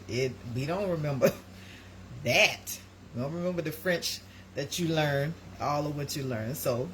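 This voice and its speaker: Brief: middle-aged woman, rambling live-stream host, chatty, noisy home recording. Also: low-pitched. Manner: chatty, rambling, talks to viewers as y'all. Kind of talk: casual live-stream chat.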